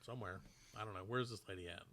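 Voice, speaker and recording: A man's voice: fairly low pitch, racing, noisy background. A man hosting a comedy podcast, telling stories and reading odd news with rambling jokes and frequent laughter. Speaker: podcast host.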